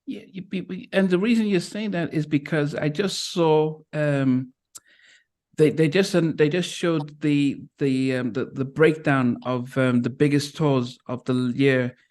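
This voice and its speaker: Male podcast host, a touch high-pitched, halting and chatty. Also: fairly even intonation, a little mellow. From Liverpool, England. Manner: halting, many restarts and fillers. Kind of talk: casual interview chat.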